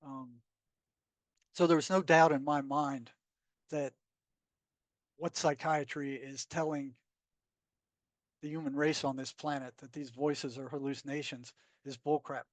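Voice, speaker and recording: A man's voice: medium pitch, steady tone, unhurried, pauses often, no echo. A man, a psychotherapist guest, telling stories in a blunt, emphatic way. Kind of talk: conversational storytelling.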